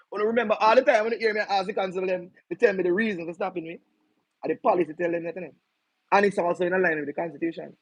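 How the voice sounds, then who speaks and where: A man's voice: high-pitched, steady tone, quick pace, pauses often, breathy edge, no room sound, low-quality recording. A man with a Jamaican accent explaining legal policy to an audience, emphatic and firing rhetorical questions at his listeners. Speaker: legal educator.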